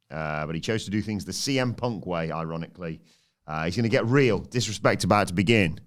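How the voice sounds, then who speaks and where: A man co-hosting a wrestling review podcast. He recaps matches in a dry, brisk way and keeps the talk on topic. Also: sits low, clear, resonant tone. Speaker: podcast co-host.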